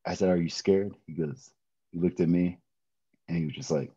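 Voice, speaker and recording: Deep dark-voiced man telling a story. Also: a little fast, slightly rough, dry recording, muffled recording. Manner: animated storyteller, acts out quoted voices, laughs often. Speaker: interview guest, pro wrestler. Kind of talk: storytelling in a podcast interview.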